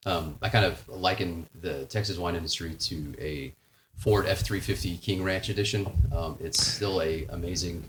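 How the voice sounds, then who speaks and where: Deep, laid-back man, noisy recording. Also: fairly even intonation, normal speed. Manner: laid-back, voice trails off quietly at phrase ends. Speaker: guest. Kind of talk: casual interview chat.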